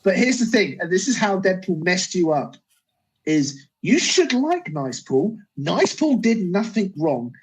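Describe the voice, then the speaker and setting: A podcast co-host walks through a movie plot in casual review chat, steady and correcting small slips along the way. The voice is husky and sits at a middling pitch. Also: a little slow, low-quality recording.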